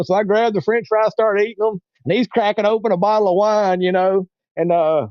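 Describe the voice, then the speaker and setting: Fast and high-pitched with a darkish tone, this interview guest rambles through a long personal story, repeating himself and voicing the people he quotes. The lo-fi recording has no echo.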